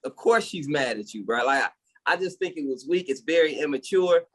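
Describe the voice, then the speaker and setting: A man's voice: a little high, expressive, brisk, slightly rough. A man co-hosting a casual podcast, giving an opinionated, heated rant and laughing at his own jokes. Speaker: podcast co-host.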